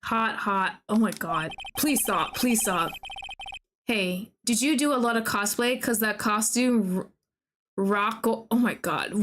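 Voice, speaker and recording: A young woman streaming a game at her desk mic, chatty and thinking out loud, reading game lines aloud and reacting loudly with disgust. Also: on the high side, animated, a little slow, slight background noise. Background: game background music.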